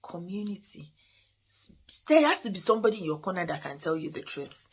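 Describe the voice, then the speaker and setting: A woman's voice: on the low side, very animated, brisk, a little hiss or hum. A middle-aged woman hosting a parenting talk, giving earnest advice with frequent restarts. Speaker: parenting podcast host. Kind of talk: motivational talk.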